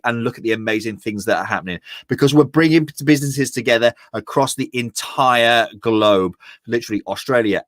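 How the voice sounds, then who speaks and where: A man's voice: lowish voice, fairly bright tone, no room sound, clean studio sound. A British man hosting a live online interview, enthusiastic and rambling, often restarting his sentences. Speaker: podcast host.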